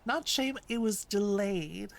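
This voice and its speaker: A woman's voice: medium pitch, takes it slowly, vocal fry. A woman hosting a casual language-learning livestream, talking in a playful, rambling way. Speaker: host of a language-learning stream.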